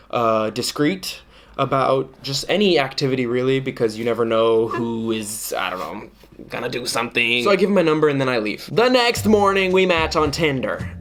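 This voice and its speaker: A man telling a dating story to camera in a playful, dramatic way, jumping into high voices for quoted lines. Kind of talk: animated storytime monologue.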